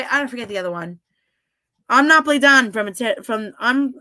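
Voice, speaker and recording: A woman's voice: fairly high pitch, lively intonation, a little fast, sharp tone, no room sound. A woman chatting casually on a livestream, giggling and flirting as she reads and answers her viewers' comments. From half Italian heritage. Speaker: livestreamer reading chat.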